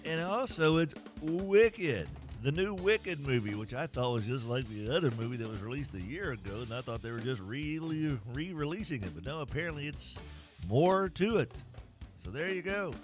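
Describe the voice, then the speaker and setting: A man's voice: on the high side, animated, normal speed, soft background music. A man hosting a morning sports radio show, joking his way through live ad reads. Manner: playful, jokey, mock-whispers and funny voices during ad reads.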